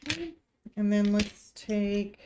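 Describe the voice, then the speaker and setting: Talking slowly in a mellow, expressive mid-range voice, this Missouri woman with a faint local accent narrates a live painting lesson as she goes. As an art instructor, she's chatty and muses aloud mid-task, with a heater humming behind her.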